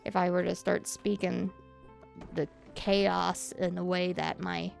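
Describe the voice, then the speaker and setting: A woman's voice: on the low side, level tone, takes it slowly, creaky, soft background music. A woman from Louisiana chatting with her stream chat while she plays a game, musing and reading comments aloud.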